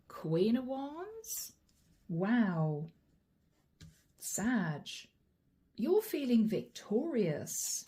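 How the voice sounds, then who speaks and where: A woman giving a channeled tarot reading straight to her viewers, chatty and friendly, slowing down to name each card. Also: a little high, mellow. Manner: chatty, addresses viewers directly, slows to name cards. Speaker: tarot reader.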